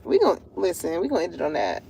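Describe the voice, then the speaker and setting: A woman giving a casual tarot reading to her viewers, animated and slangy, laughing often. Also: lowish voice, fast talker, vocal fry, slight background noise. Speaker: tarot reader.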